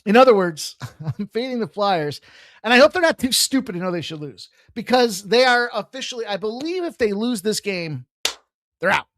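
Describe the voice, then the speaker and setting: A man hosting a live sports betting stream, brash, excitable and profane as he rattles off picks and jokes. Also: high-pitched, normal speed, dry recording. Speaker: sports betting show host. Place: room with a hockey banner on the wall.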